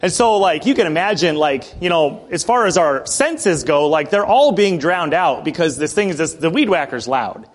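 A male preacher giving a sermon in a conversational storytelling way, often clearing his throat. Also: a little high, animated, moderate pace, few pauses. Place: church building.

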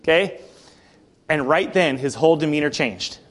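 A male preacher giving a sermon in a conversational storytelling way, often clearing his throat. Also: on the high side, expressive, moderate pace. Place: church building.

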